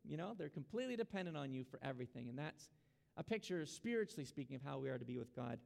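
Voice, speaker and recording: Gravelly-voiced pastor preaching in a hall. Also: male voice, fairly high pitch, animated, fast. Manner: earnest preaching, urging and exhorting. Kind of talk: sermon. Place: church sanctuary. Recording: long hall reverb.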